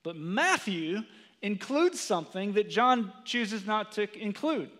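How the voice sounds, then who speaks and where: A man preaching a sermon in a conversational way, often asking "right?" and "okay?", and going quiet when he quotes scripture. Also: sits high, animated, slow. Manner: drops to a hushed tone for quoted scripture. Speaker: pastor. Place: church sanctuary. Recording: long reverb of a church sanctuary.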